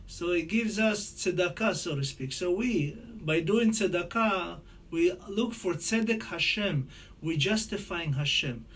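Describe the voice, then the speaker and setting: A man teaching a Torah lesson in English, chatty and explanatory, reciting verses quickly. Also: sits high, a bit bright, slightly rough. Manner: conversational teaching, mixing Hebrew quotes into English; rattles off Hebrew verses quickly. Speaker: rabbi teaching a class.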